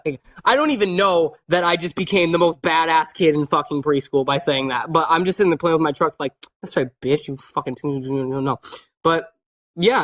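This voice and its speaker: A man in a casual vlog rattles off a childhood story at a quick clip. His voice sits a little high. He rambles, loops back on himself and drops swear words constantly. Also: fairly bright tone. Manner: many fillers and restarts. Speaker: vlogger.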